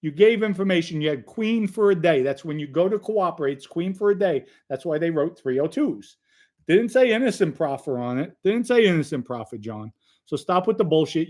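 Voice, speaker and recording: A man's voice: sits high, expressive, normal speed, a little mellow. A man giving confrontational, casual commentary, blunt and profane as he calls someone out and then reacts to clips.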